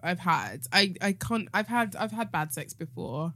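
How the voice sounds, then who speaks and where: A woman hosting a podcast, chatty and laughing, with quick asides. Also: fairly low pitch, big pitch swings, a bit bright, no echo, studio quality. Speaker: podcast host. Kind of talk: casual podcast chat.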